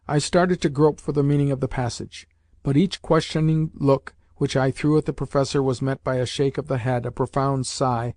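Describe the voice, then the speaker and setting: A male narrator reads a classic novel in a measured, even storytelling voice of middle pitch. The recording is dry and close, with no room sound. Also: no echo. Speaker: audiobook narrator. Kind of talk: scripted narration.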